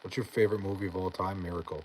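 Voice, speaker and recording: Deep-voiced laid-back male streamer. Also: very fast, slight background noise, low-quality recording. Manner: laid-back, profane, deadpan. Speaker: live streamer reading chat. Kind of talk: casual live-stream chat.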